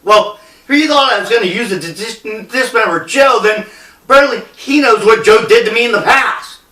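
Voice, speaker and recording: A man's voice: very high-pitched, moderate pace, bright, forceful tone. A middle-aged man telling a personal story in a blunt, rambling, profane way. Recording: echoey room, distant mic.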